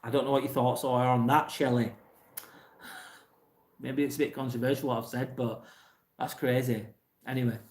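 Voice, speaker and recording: An English man talks casually and bluntly through a live stream, reading out viewers' messages and giving straight answers. His voice sits at an ordinary middle pitch. The room around him is echoey. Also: level tone, normal speed, long pauses, darkish tone. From England. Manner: blunt, plain-spoken, swears casually. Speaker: livestream host reading chat.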